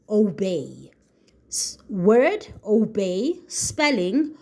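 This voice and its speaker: A woman teacher dictating spelling words at an unhurried pace, pronouncing each letter clearly and patiently. Her voice rises and falls in a lively, sing-song way as she sounds words out for young learners. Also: medium pitch. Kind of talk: spelling lesson, slow dictation.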